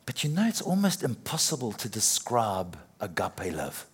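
Husky-voiced man preaching casually. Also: fairly low pitch, wildly swooping pitch, normal speed. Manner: conversational, with repetitions and playful acted quotes. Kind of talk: sermon.

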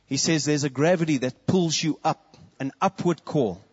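A man preaching with an earnest voice that sits a little high for a man. The sound is dry and close, with a dull, lo-fi edge. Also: moderate pace, slightly rough, no echo. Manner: earnest preaching with quoted prayers. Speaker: pastor. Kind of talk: sermon.

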